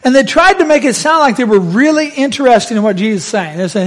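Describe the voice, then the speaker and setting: A man preaching a sermon, telling the story with lively, acted-out voices. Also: extremely high pitch, fast talker, few pauses.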